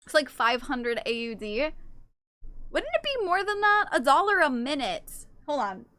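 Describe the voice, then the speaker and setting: Chatty woman streamer, high bright voice, playful and a bit foul-mouthed, dry close recording. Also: big pitch swings, unhurried, no echo. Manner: chatty, playful, reads chat aloud, swears casually. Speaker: livestreamer. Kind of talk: casual livestream chat.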